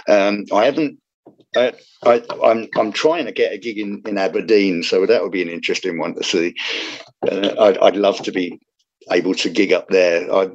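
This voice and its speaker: A man's voice: low voice, muffled recording. A man, a comedian chatting in an interview, rambling with many restarts. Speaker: comedian guest. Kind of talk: casual interview chat.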